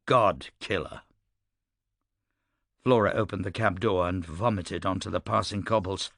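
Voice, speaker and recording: A male audiobook narrator with a low, gravelly voice, reading with steady, measured storytelling. The sound is close and dry, with no room around it. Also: no room sound. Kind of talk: scripted narration.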